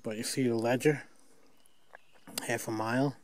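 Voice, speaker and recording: Unhurried and steady, an older man's mid-range voice narrates his casual hiking vlog as he films himself on a forest trail. He rambles and chuckles at his own expense, picked up by a handheld camera mic with a little hiss or hum.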